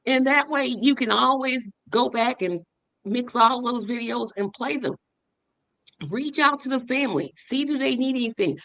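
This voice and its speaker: A woman's voice: on the high side, normal speed, a bit bright, no room sound, low-quality recording. A woman giving an earnest, faith-filled memorial tribute over a video call, with a touch of humor. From living in Indianapolis. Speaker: memorial speaker.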